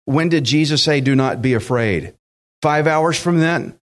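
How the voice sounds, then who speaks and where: A man's voice: a little high, measured pace. A man preaching a sermon, emphatic and direct, acting out quotes and speaking to listeners as friends. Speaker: pastor.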